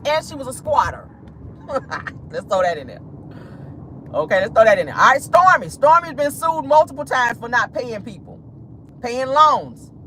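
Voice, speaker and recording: A woman hosting a casual celebrity gossip vlog, sassy and animated, laughing and talking straight to her viewers. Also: high voice, a little hiss or hum. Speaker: host.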